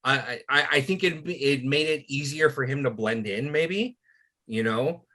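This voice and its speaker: A man's voice: medium pitch, unhurried, pushed and bright. A man hosting a casual podcast chat, laid-back, swearing often and restarting his sentences. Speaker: podcast host.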